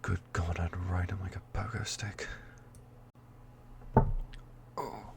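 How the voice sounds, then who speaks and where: A man's voice: deep voice, steady tone, slow pace, vocal fry, pauses often, noisy background. A man doing whispered ASMR outtakes on a close microphone, self-deprecating and giggly, slipping between whispers and normal speech. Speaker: ASMR storyteller.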